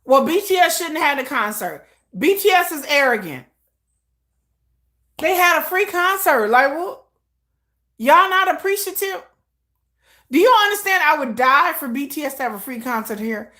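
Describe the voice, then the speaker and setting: A woman's voice: high-pitched, animated, moderate pace, pauses often, pushed and bright. A woman doing live reaction commentary, ranting with profanity and exasperated laughing asides. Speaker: reaction streamer.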